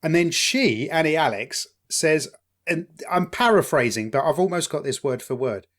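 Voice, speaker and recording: A man talks through a casual podcast episode, animated and quick to laugh. His voice sits a little higher than most men's, and he swears freely. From East London. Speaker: podcast co-host. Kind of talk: casual chat.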